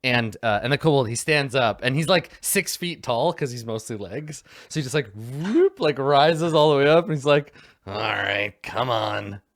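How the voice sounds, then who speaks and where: A man's voice: medium pitch, expressive, moderate pace, few pauses, no room sound, clean studio sound. A man narrating as game master in a casual, rambling way, full of fillers.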